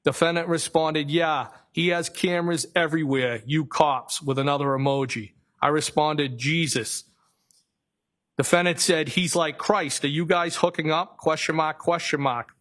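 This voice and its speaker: A man with a Boston accent sits on a witness stand and reads text messages aloud into the record. His voice sits a little high for a man. He reads them flatly and haltingly, stopping now and then to correct a word. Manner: flat, halting reading with self-corrections. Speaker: trial witness.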